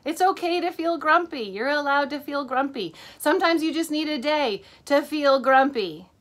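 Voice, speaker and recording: A woman teacher reading a picture book to children in an animated way, stopping to ask them questions. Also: sits high, normal speed.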